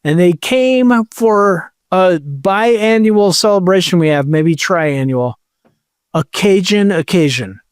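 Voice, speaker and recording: Smooth, clear-voiced man joking around. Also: high voice, slow, no room sound, studio quality. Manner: rambling, jokey, animated. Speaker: podcast co-host. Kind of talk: casual chat.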